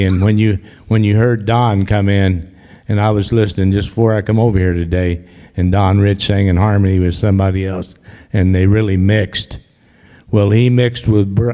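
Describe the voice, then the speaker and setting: A man's voice: on the low side, warm tone. An older man, an audience member giving rambling, folksy remarks with many restarts. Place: library event hall. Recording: long hall reverb.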